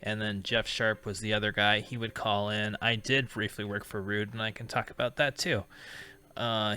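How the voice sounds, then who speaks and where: A man's voice: fairly low pitch, sharp tone, clear, resonant tone. A man hosting a call-in talk show, telling rambling anecdotes and laughing through them. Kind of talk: casual storytelling chat.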